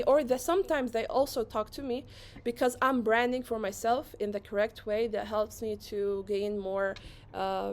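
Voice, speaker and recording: A woman whose first language is Arabic, giving a fast-paced, energetic motivational talk at an online conference and repeating phrases for emphasis. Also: medium pitch. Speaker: conference speaker. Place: online session.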